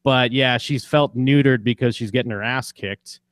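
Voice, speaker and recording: A man's voice: medium pitch, normal speed, dry recording. A young man co-hosting a podcast in casual chat, loose and jokey, now and then slipping into mocking voices. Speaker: podcast co-host.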